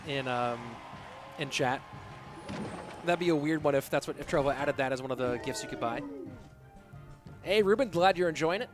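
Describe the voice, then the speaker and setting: Guy casting a game stream live, kinda high voice, hyped and chatty, music going behind him. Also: moderate pace, pauses often. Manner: chatty, excitable, thanks viewers by name. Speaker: esports caster and streamer. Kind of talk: live game commentary mixed with chat reading. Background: background music.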